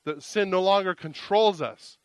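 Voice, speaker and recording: Male pastor, sermon delivery, emotional and earnest, swings from loud exclaiming to quiet confession, slightly high voice, dry close sound. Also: a little slow, clear, resonant tone, no echo.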